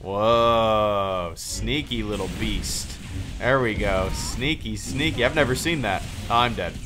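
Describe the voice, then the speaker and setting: A man hosting a live stream, chatting casually and loosely while he plays, with plenty of fillers and restarts. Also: fairly low pitch. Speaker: streamer and channel host.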